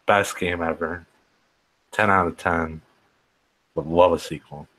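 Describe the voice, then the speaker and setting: Deep-voiced man joking on a podcast. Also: steady tone, fairly bright tone, rough recording. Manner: playful, quick quips. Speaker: podcast co-host. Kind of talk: casual chat.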